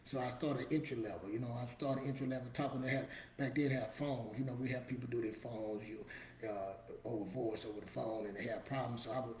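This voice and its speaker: A man's voice: medium pitch, fairly even intonation, a little fast, a little mellow. A middle-aged man hosting a motivational show, talking casually and emphatically, repeating his points in a colloquial, preachy way. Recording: roomy echo with faint ambience.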